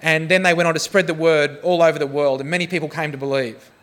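Humorous pastor preaching. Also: male voice, fairly high pitch, steady tone, quick pace, fairly bright tone. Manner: humorous, self-deprecating storytelling. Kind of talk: sermon.

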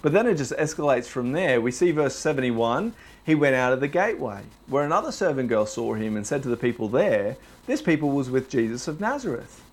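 A young man preaching a sermon, telling the story with animated, dramatized delivery. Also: medium pitch, fairly quick.

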